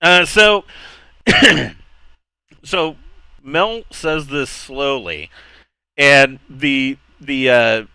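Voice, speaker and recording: A man narrating a tabletop game as game master, halting with many uh's and restarts. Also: mid-range voice, lively intonation, pushed and bright, smooth, no echo, rough recording.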